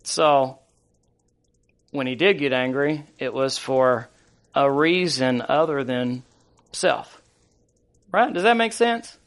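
A man's voice: medium pitch, slow pace, pauses often. A man preaching a sermon in a conversational way, with frequent fillers and restarts. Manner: conversational preaching with many fillers and restarts, scripture read aloud. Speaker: pastor.

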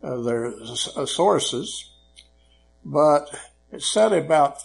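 A male preacher in a slow, folksy storytelling style, his voice gravelly and pitched a little high. He jokes easily and drifts through fillers. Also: expressive. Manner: unhurried, joking, with frequent fillers.

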